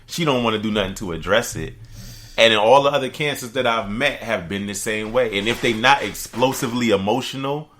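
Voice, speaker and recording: A man co-hosting a casual podcast chat, animated, acting out quotes in a high voice. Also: brisk. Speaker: podcast co-host.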